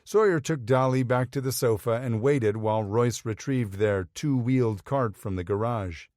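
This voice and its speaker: A man reading a romance story aloud in an even, measured way. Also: medium pitch, dry recording, studio quality. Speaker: audiobook narrator. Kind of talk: scripted narration.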